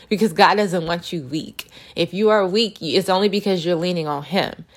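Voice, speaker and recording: A woman's voice: on the low side, moderate pace, few pauses. A woman in her thirties giving an earnest, encouraging faith talk to her viewers, acting out little quotes as she goes. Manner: earnest, animated, acts out quotes. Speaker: christian vlogger.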